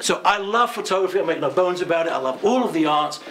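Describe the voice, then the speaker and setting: A middle-aged man with a British accent addresses guests at a museum gallery opening, brimming with enthusiasm and quick to laugh. His voice sits somewhat high for a man. There is faint ambient noise in the background. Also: a bit bright, roomy sound. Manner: enthusiastic, chatty, laughs often. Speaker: magazine publisher introducing an exhibition.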